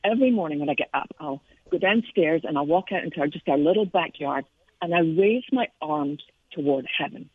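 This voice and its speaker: Husky Scottish woman on a phone line. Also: low voice, lively intonation, brisk, no echo. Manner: earnest, reflective storytelling. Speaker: Christian author and speaker, guest. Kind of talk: casual interview on faith.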